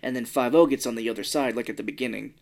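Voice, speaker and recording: A man's voice: medium pitch, rapid-fire, creaky. A man co-hosting a podcast, recapping a movie in casual chat and acting out the characters' lines in a raised voice. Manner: animated retelling, acts out quotes in raised voice. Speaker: podcast co-host.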